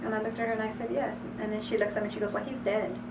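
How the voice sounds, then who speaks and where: A woman, the singer's sister, softly remembering a childhood moment in a documentary interview. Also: mid-range voice, monotone, very fast. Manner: soft, reflective, quoting herself and others. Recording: roomy distant mic with clear hiss.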